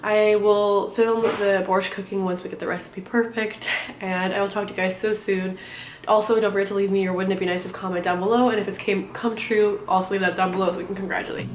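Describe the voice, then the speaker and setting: A woman's voice: mid-range voice, level tone, a little hiss or hum. Rambling young woman in an echoey room. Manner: rambling, halting, filler-heavy. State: out of breath. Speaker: vlogger. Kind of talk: casual chat.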